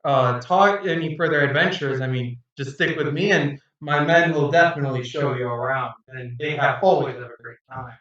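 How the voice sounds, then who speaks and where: A man's voice: medium pitch, normal speed, few pauses, fairly bright tone, very echoey, far from the mic, lo-fi sound, close to an everyday voice. A man voicing a boastful, hearty male ship captain in an amateur tabletop game, bragging and jolly.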